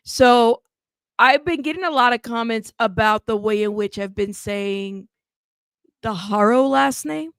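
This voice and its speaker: Sassy American woman host, fairly high voice. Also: unhurried, clear, resonant tone, dry recording. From United States. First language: bilingual in Spanish. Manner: animated, sassy, frequent laughs. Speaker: true crime channel host. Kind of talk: casual livestream commentary.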